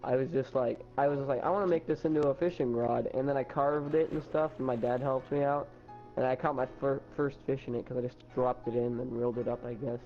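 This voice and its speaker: A man's voice: medium pitch, steady tone, quick pace, dull audio, faint music behind. A teenage boy as a podcast guest, chatting casually with teasing, jokey remarks. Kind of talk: casual chat.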